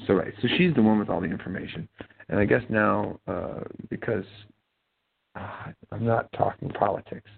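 A man's voice: lowish voice, normal speed, gravelly, breathy edge. A man from Ohio hosting a casual talk show, mumbling and rambling with many fillers and restarts. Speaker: podcast host. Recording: tinny phone-like sound.

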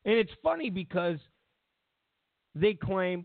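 Sarcastic gravelly male talk host. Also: fairly high pitch, big pitch swings, slow, long pauses, dry recording. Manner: sarcastic, mocking, repeats phrases, chuckles often. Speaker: political talk show host. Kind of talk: casual political commentary. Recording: tinny phone-like audio.

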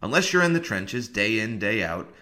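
A man with a bright, forward tone reads a mock ad like a polished salesman. His pitch swings up and down freely as he pitches his services. It is a comedy show host playing it straight. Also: sing-song, normal speed. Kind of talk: mock advertisement read.

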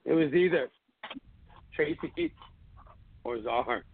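A man hosting a call-in tribute show, telling stories in a casual, animated way, swearing often and acting out his friends' lines. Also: on the high side, takes it slowly, creaky. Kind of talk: casual storytelling chat. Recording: phone-line audio with hiss.

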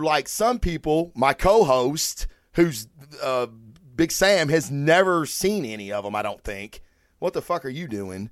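Cussing podcast dude, kinda high voice, dry close sound, rambles and restarts a lot. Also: male voice, dry recording. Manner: profane, animated, rambling with restarts. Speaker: podcast host. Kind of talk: casual solo podcast rant.

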